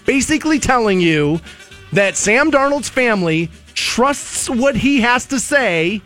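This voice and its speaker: A man's voice: very high voice, lively intonation, measured pace, fairly bright tone, faint music behind. A man hosting a sports talk show, making opinionated arguments and repeating his points for emphasis. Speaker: radio sports show host.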